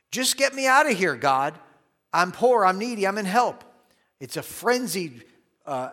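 Male preacher, bible teaching, earnest and emphatic, animated pitch, reverberant hall. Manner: earnest, emphatic, explaining word meanings.

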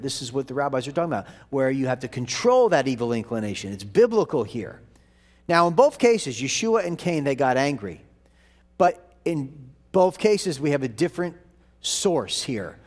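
A man delivering a sermon in a lively, rising-and-falling voice that sits a little high for a man. He explains scripture verse by verse and reads passages aloud with strong emphasis. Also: normal speed. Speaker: pastor.

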